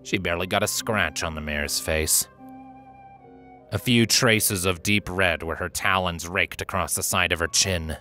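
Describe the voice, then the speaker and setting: A man narrates a fanfiction audiobook in a deep voice. His tone is bright and cutting, and he tells the story at a steady, dramatic pace. Soft music runs faintly underneath. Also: a little slow. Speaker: narrator and reader.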